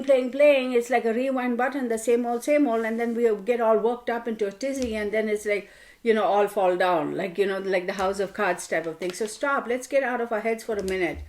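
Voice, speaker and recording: A woman giving a casual tarot card reading to camera, chatty and animated, playfully scolding her viewers. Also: medium pitch. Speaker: tarot reader.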